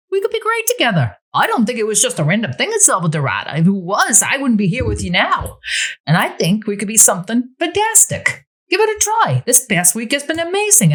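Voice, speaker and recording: Woman reading a lovestruck man, earnest, pleading, husky, animated. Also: medium pitch, voice pushed up, exaggerated voice.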